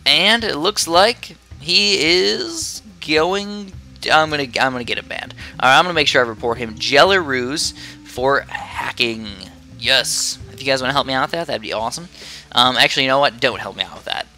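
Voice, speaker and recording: A man's voice: mid-range voice, fast, bright, forceful tone, faint music behind. A man chatting casually into a headset as he plays and comments on a tower defense game from his room, rambling and easily distracted. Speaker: gaming commentator.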